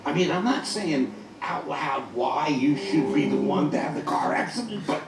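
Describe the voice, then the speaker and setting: A gravelly, crass older schemer. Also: male voice, on the high side, lively intonation, normal speed, echoey room, far from the mic, crowd noise. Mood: sly. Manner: blunt, rambling and crass. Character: crude, scheming older man obsessed with clams. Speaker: sitcom character. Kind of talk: sitcom acting.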